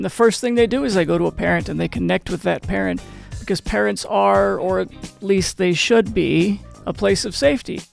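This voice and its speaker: A man with a fairly high voice and a lot of gravel and fry in it talks casually to camera, hosting his own channel. He repeats himself, restarts sentences, and keeps turning questions back to the viewer. Faint music sits underneath. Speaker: channel host.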